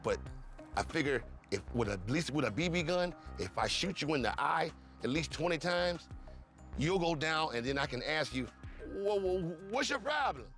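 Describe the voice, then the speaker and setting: A man's voice: on the high side, lively intonation, moderate pace, a bit bright, soft background music. A man from Cleveland telling his story in an interview, profane and acting out the dialogue, repeating words in bursts. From Cleveland, USA.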